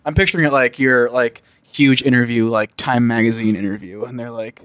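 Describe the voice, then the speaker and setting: A man's voice: medium pitch, fairly even intonation, brisk, a bit bright, smooth, dry recording. A young man co-hosting a podcast in casual chat, easygoing and reassuring. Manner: easygoing, reassuring, laughs often. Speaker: podcast co-host.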